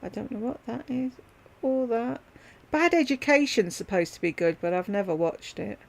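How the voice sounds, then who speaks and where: In a casual home livestream, a woman talks loosely with her audience, naming viewers as she wanders between topics. Her voice is a little high and expressive, with a moderate pace, some creak, and a darkish tone.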